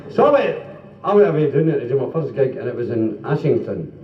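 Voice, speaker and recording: A Scottish man doing live stand-up comedy, telling jokey stories with sung bits and laughing at himself as he goes. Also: mid-range voice. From Scotland. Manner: jokey, lively storytelling with sung bits and self-interrupting laughter. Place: club stage before an audience. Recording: roomy, distant, dull 1970s live club recording.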